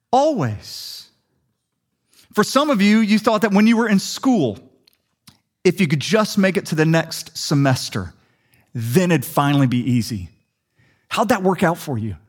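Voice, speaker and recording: A young adult man preaching a sermon, telling a story with lively quick asides. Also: on the high side. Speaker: pastor.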